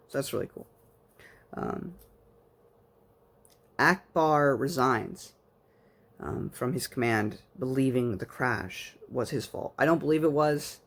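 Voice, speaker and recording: A man's voice: mid-range voice, gravelly, breathy edge. A man giving a casual spoken book review, rambling like an enthusiastic fan with plenty of fillers.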